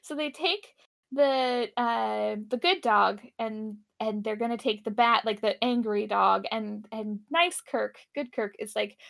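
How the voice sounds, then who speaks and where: A woman's voice: a little high, measured pace, creaky, a bit bright. A young woman co-hosting a podcast, chatting casually and giggling as she recaps a TV episode. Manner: giggly, chatty, puts on silly voices for characters. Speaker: podcast co-host.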